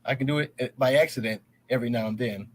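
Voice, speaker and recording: A man's voice: medium pitch, fast talker, poor audio. A man joining a casual gaming podcast, joking about his own skill. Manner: joking, self-deprecating.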